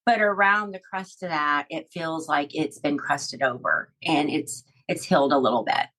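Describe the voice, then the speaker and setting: Heartfelt, rambling woman with a lowish voice. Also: normal speed, fairly bright tone, rough recording. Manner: heartfelt, rambling, many fillers and restarts. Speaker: guest. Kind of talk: emotional personal storytelling in a podcast interview.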